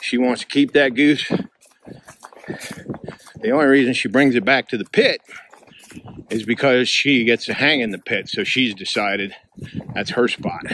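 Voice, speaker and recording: A man vlogging outdoors on a hunting trip, chatting casually and coaxing his dog along in a fond, high, sing-song voice. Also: unhurried, pauses often, fairly bright tone, slight background noise. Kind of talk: casual outdoor vlog narration. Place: outdoors by a river in the wind.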